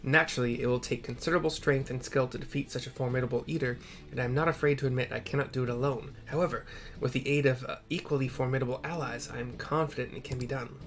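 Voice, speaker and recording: A man's voice: medium pitch, fairly even intonation, fast, natural voice. A man reading as a pompous bounty hunter. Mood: grandiose. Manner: grandiose, old-fashioned formal phrasing. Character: pompous male bounty hunter, boastful and wordy. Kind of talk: reading game dialogue aloud.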